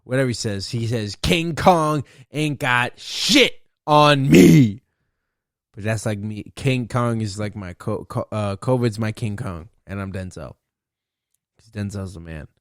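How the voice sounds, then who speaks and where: A man's voice: fairly low pitch, moderate pace, darkish tone, no echo, studio quality. A young man hosting a solo podcast, ranting in a profane, boastful, rambling way. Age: young adult. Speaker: podcast host.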